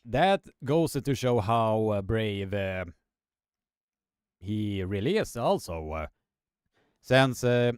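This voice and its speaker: A young man calls arm wrestling matches live in a slow, unhurried way. His voice sounds smooth and clear, recorded close and dry with no room sound. He stumbles through fillers and restarts and goes higher when the pulls get intense. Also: very animated, no echo. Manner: halting, many fillers and restarts, rises in pitch on the action. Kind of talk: live sports commentary with chat.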